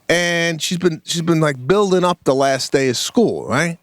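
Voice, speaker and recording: Middle-aged male podcast co-host, fairly high voice, dry close mic, animated storyteller. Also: moderate pace, hardly any pauses, no room sound. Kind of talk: casual comedic chat.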